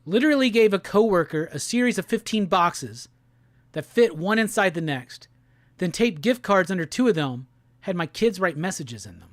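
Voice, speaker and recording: A man's voice: high voice, lively intonation, moderate pace, no room sound, clean studio sound. A man hosting a casual live stream, reading viewer messages aloud and joking with the chat. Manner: reads viewer super chats aloud and jokes around. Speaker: livestream host. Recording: loud music playing behind the voice.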